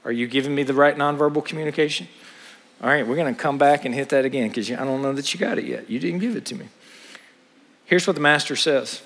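A man's voice: a little high, fast, long reverb tail. A man preaching a sermon, acting out the voices in a parable and asking his listeners questions. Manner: animated, acts out parable voices, asks the audience questions.

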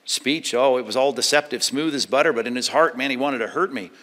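A man with a bright, forceful voice preaches a sermon, pressing hard on some phrases and dropping to a hush on others. His voice rings out with a long reverb, as in a church sanctuary. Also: brisk. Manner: preaching with swings from loud emphasis to hushed, low delivery. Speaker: pastor.

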